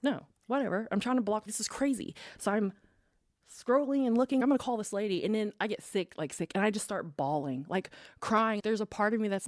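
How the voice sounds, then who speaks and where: A woman's voice: mid-range voice, animated, a little fast, a little mellow, no echo, studio quality. A woman guest on a podcast, telling her own story in casual chat and acting out what others said. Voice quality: acts out quoted dialogue. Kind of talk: animated personal storytelling.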